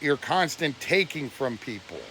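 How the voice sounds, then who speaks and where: A man lecturing his viewers on a live stream, blunt and preachy, sounding close to tears. His voice sits a little high and swoops up and down. Faint noise hums under the phone mic. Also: sing-song, a little slow, fairly bright tone. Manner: preachy and blunt, voice breaking with emotion. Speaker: livestreamer. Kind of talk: emotional live-stream rant.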